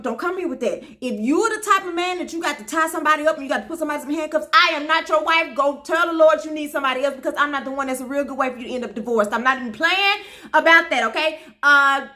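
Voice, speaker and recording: A woman from Memphis, telling a funny personal story to her viewers in an animated, folksy way. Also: sits high, fast talker. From Memphis, Tennessee. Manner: animated, talks straight to viewers with folksy asides. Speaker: storyteller host.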